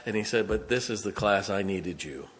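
A man in his fifties, a pastor preaching a sermon, telling a personal story and dropping to a hushed, emotional tone. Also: fairly low pitch, lively intonation, normal speed.

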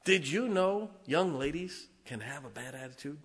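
A middle-aged man preaching a sermon as pastor. He swings between loud, emphatic lines and quiet, confiding asides, chuckling often. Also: a little high, animated, normal speed, in a large hall. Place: church sanctuary.

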